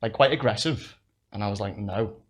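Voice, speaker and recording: A man's voice: lowish voice, fairly quick. Young man, cheerful. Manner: swearing, laughing through his own stories. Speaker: podcast guest. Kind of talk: casual storytelling chat.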